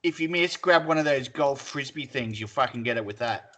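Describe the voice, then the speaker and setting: A man's voice: mid-range voice, a little fast, pushed and bright. An Australian man co-hosting a podcast, bantering and joking crudely with lots of swearing. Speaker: podcast co-host. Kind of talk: casual banter.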